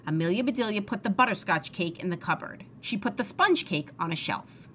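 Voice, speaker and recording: A woman reads a children's storybook aloud in an expressive, sing-song way. Her voice is bright and lively in pitch, and a faint hiss sits beneath it. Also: a little fast. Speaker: storybook reader. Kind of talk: reading a children's book aloud.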